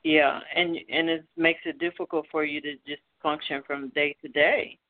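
A woman's voice: low voice, flat delivery, normal speed. A woman hosting a Christian radio interview, affirming her guest with frequent amens and praise. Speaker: radio host. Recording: thin, phone-like line.

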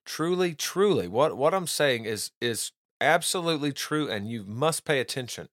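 A man's voice: medium pitch, expressive, normal speed, fairly bright tone, no echo, clean studio sound. A man hosting a podcast, teaching doctrine in an earnest, casual monologue, often restarting and repeating words and reading quotes aloud.

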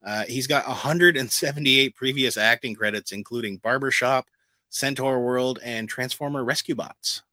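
A man co-hosting a fan podcast, reading out cast credits in casual chat with filler pauses. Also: medium pitch, pushed and bright, no echo. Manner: reads lists with filler pauses. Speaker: podcast co-host.

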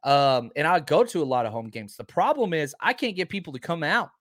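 Energetic man hosting a chatty stream. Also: a little high, a little fast, no echo, clean studio sound. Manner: energetic, emphatic, reads viewer comments. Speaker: podcast host. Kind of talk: casual live-stream chat.

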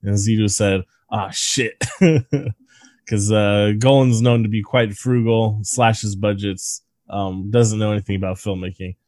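A man's voice: fairly low pitch, steady tone, a little slow, mellow, dry recording. A man co-hosting a casual movie-review podcast, sharing trivia with profanity and frequent laughter. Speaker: podcast co-host.

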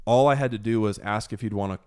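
Casting: American male podcast host in his thirties, slightly low voice, eager and rambling. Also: fast, a little mellow, smooth. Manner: enthusiastic, rambling, lots of fillers and restarts. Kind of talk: casual storytelling chat.

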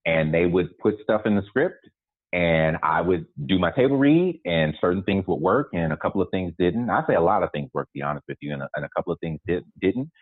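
Speaking fairly quickly in a deep, expressive voice, a guest actor in his forties calls in by phone. He tells stories casually and jokingly, laughing as he goes, on a tinny, dry line.

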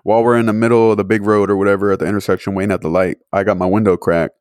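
A young man hosting a podcast, telling a story in casual, profanity-heavy chat with animated rants. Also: fairly low pitch, very fast, clear, resonant tone, dry recording, studio quality. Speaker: podcast host.

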